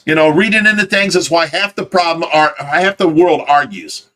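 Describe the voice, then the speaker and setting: This is a man with a fairly high voice, hosting a relaxed livestream from a fish rescue. He talks plainly and insistently and keeps circling back to the same firm point. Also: moderate pace. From United States. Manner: emphatic, insistent, repeats himself. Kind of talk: casual livestream chat.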